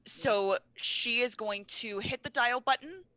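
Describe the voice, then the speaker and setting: A woman playing in a tabletop role-play who thinks aloud and hesitates. Her voice is bright and crisp. The sound is dry and a little muffled. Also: fairly high pitch, unhurried, dry recording. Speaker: player.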